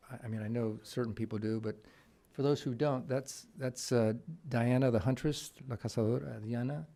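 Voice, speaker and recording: A man speaks at a policy conference, with a gravelly edge and a dark, mellow tone. He tells stories and keeps restarting his sentences. He often stops on "uh" before going on. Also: medium pitch. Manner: halting, many restarts and fillers; storytelling with quoted voices. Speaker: conference panelist. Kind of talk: presentation with anecdotes. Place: conference room.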